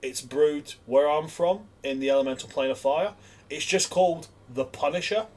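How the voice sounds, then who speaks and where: Man playing a husky, offhand fantasy barista, weary, blunt. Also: on the high side, normal speed, a little mellow, natural voice. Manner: offhand, casual, says mate. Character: weary, blunt café barista from a fire plane.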